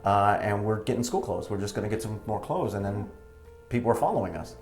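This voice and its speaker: A man's voice: lowish voice, lively intonation, a little fast, echoey room, soft background music. A man in his forties, a comedian and actor, telling stories in a casual, wisecracking way in an interview. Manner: wisecracking, acts out quoted people.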